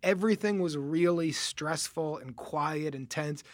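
A man in his thirties, a podcast guest, telling a lively anecdote in casual chat and acting out the dialogue as he goes. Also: fairly high pitch, a little slow, no room sound. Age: 30s. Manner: acts out dialogue, laughs through his story. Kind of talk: animated storytelling in casual chat.

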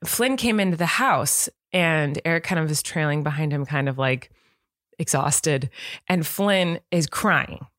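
Animated low-voiced woman telling stories. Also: measured pace, no echo, clean studio sound. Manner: animated storyteller, acts out quotes in a high voice, laughs. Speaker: podcast co-host, parent. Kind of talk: casual chat.

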